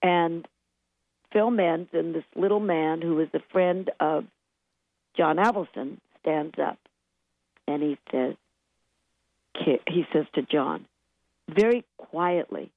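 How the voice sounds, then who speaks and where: An older woman with a fairly low voice tells lively showbiz stories, slipping into the voices of the people she quotes. She sounds thin and tinny, as if she is on a phone line, and the sound is dry and close. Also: takes it slowly, long pauses, dry recording. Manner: lively anecdotes, acts out quotes, laughs often. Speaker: guest songwriter. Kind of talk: animated storytelling interview.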